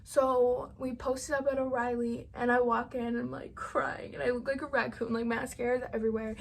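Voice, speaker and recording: A woman's voice: fairly high pitch, flat delivery, moderate pace, creaky, slight background noise. A young woman vlogger telling a storytime to her camera, rambling casually with constant "like" and frequent swearing. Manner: rambling, heavy use of "like" and swearing.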